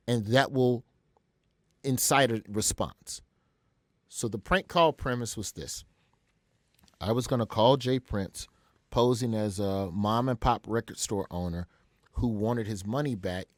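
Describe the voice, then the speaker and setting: A man's voice: fairly low pitch, no echo, clean studio sound. A male comedian from Alabama telling a story vividly as a guest in an interview.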